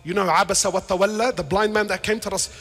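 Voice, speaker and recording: Male preacher, impassioned sermon, very high bright voice, echoing hall. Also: fairly even intonation, fast talker, soft background music. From Lebanon. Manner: impassioned, swings between shouting and quiet asides; peppers speech with Arabic words and casual slang. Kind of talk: passionate sermon. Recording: reverberant hall.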